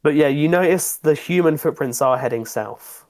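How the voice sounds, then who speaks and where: A man's voice: on the high side, normal speed. A man running a tabletop game as game master, narrating in a loose, rambling way with restarts and fillers.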